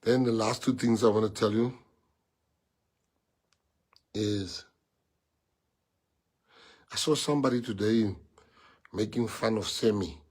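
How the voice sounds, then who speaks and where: A man's voice: fairly low pitch, slow pace, pauses often, darkish tone, husky. A man with a South African accent addressing his party's members, rallying them with emphatic repetition and bits of Afrikaans. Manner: emphatic, repeats phrases, mixes in Afrikaans. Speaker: party leader.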